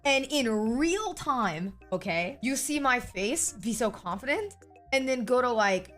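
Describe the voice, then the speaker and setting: A young woman streamer telling a story to her audience in a slightly high voice. She is blunt and swears freely, and she keeps pausing on a checking "okay?". Faint music plays underneath. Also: sing-song, fairly bright tone. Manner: blunt and profane, often adding a checking "okay?". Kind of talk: casual storytelling to viewers.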